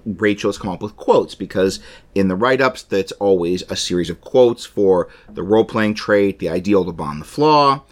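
Male co-host, low pitch, lively melody, playful and rambling about game rules. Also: normal speed. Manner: enthusiastic, playful, rambling explanations. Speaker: podcast co-host. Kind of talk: casual chat about a tabletop game.

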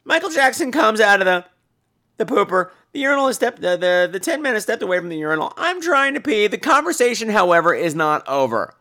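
A man hosting a podcast, telling a funny, profane story in an animated way. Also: sits high, fairly quick. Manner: animated, profane, jumps between voices. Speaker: podcast host. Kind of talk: comic storytelling.

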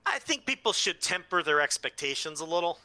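A man's voice: on the high side, sing-song, brisk, pushed and bright, no echo. A man co-hosting a casual talk podcast, opinionated with wry teasing. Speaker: podcast co-host. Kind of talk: casual wrestling chat.

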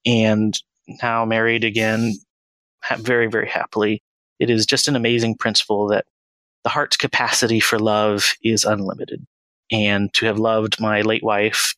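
A man in his thirties, a financial planner as podcast guest, speaking in an earnest, measured and reflective way. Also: on the low side, bright, forceful tone, dry recording, poor audio. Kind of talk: conversational interview.

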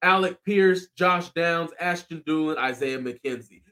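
A man's voice: on the high side, measured pace, pushed and bright. A man hosting a casual sports podcast, laid-back and slangy as he runs through the roster. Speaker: podcast host.

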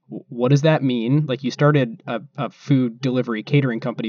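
A man's voice: mid-range voice, a little fast, few pauses, warm tone, breathy edge, no echo, lo-fi sound. A man hosting a podcast, asking a guest curious, conversational questions. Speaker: podcast host. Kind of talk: podcast interview.

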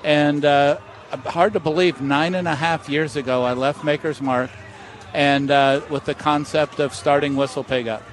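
Interviewed at an outdoor festival, a man who works as a master distiller spins animated stories and acts out the voices of people in them. His voice is on the high side, and he talks at normal speed.

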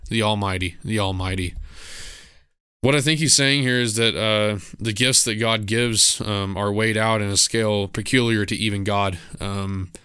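Bright, crisp-voiced man musing on a book. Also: lowish voice, steady tone, no room sound, studio quality. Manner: hesitant, unsure, apologetic, with many pauses and fillers. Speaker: book club podcast host. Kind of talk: reading aloud and musing on a novel.

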